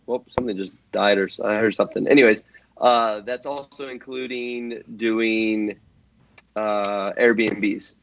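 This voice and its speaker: A man's voice: on the low side, steady tone, unhurried, a bit bright, lo-fi sound. A man guesting on a podcast, talking earnestly and at length, with lots of fillers and restarts. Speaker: guest drift driver. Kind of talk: casual podcast chat.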